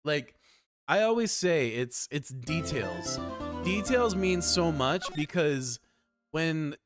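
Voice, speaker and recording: A man's voice: a little high, sing-song, slow pace, over music. A Canadian man giving loose, profane commentary over a game playthrough, laughing often and rambling. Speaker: game streamer.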